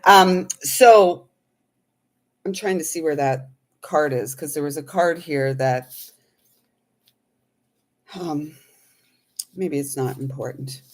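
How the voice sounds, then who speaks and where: A woman with a lowish voice talks through a spiritual experience in an earnest, rambling way. She takes her time and often pauses to find her words. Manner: meandering, earnest, speaks of feelings. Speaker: intuitive healer and reader. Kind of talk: casual spiritual storytelling.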